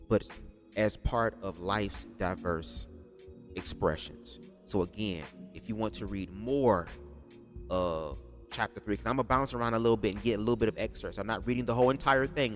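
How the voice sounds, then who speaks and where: A man's voice: fairly low pitch, in a large hall. Profane man chatting on a livestream. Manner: loose, profane, talks to the chat. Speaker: streamer reacting to a video. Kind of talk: casual livestream commentary.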